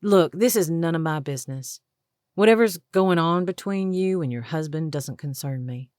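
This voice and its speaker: Audiobook: woman voicing blunt young woman, low and firm. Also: moderate pace, no echo, clean studio sound. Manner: firm, flat, direct. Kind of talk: audiobook character voice.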